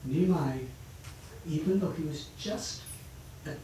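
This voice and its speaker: A man, a monk giving a storytelling sermon, who narrates in an animated way and acts out the voices of his characters. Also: on the high side, takes it slowly. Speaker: monk lecturer. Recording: echoey hall, far mic, noisy.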